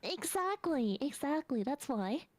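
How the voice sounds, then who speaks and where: A woman's voice: high voice, very animated, measured pace. A woman co-hosting a podcast in casual, giggly, self-deprecating chat. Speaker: podcast co-host.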